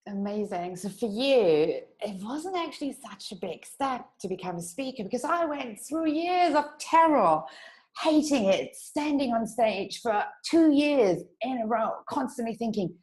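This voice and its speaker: A woman's voice: fairly high pitch, animated, normal speed, a little mellow, low-quality recording. A woman hosting a casual podcast interview, bubbly and enthusiastic, laughing easily. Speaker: podcast host.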